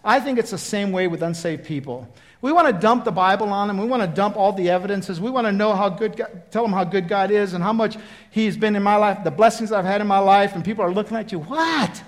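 A man preaching a sermon in a folksy, conversational way, acting out Bible dialogue with lively emphasis. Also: sits high, quick pace. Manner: animated, acts out the Bible dialogue.

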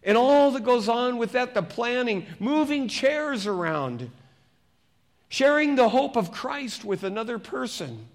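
A man preaching as a pastor, reading scripture slowly and turning to the congregation with conversational questions. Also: very high voice, expressive. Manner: reads scripture slowly and deliberately.

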